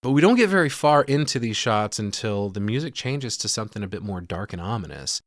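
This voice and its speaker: A man's voice: fairly low pitch, big pitch swings, a little fast, no echo, clean studio sound. A man co-hosting a casual movie review podcast, swearing freely and acting out quotes. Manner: swears a lot, acts out quotes with silly voices. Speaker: podcast co-host.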